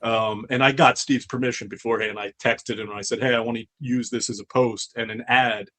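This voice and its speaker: A man's voice: mid-range voice, steady tone, brisk, pushed and bright, a little hiss or hum. A middle-aged man, a comics publisher, chatting casually as an interview guest, telling a long story with many restarts and asides.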